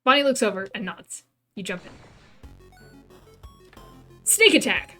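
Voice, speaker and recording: A woman's voice: medium pitch, fast, a bit bright, faint music behind. A woman streamer reading and narrating a game, with casual, chatty commentary and laughing asides.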